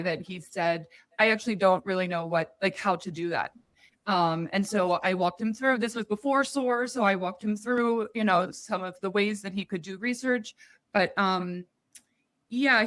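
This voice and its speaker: A woman's voice: mid-range voice, a bit bright. A woman college counselor telling a story on a webinar, chatty and full of fillers. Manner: chatty with frequent fillers and restarts.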